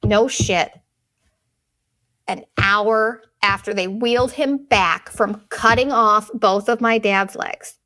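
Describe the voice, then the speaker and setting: A woman in her thirties hosting a podcast, telling a story in a blunt, profane, fast-moving monologue. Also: medium pitch, pushed and bright. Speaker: podcast host. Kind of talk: casual venting monologue.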